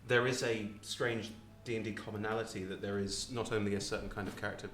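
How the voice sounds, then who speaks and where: A British man with a low, bright and forceful voice runs a live Q&A from a theatre stage. He talks loosely and chattily, laughing easily. The room around him is echoey. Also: steady tone, fast, faint music behind. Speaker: dungeon master hosting a live Q&A. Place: small theatre with a live audience.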